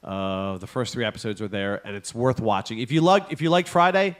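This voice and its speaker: A man's voice: on the low side, a little fast. A young adult man co-hosting a casual comedy podcast, telling stories animatedly, acting out characters' lines and swearing freely while reading weird news. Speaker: podcast co-host.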